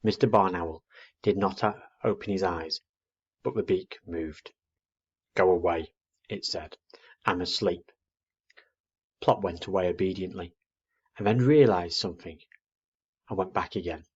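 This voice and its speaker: Man, story reading, low voice, husky, dull muffled recording. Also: normal speed. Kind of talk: reading a children's book aloud.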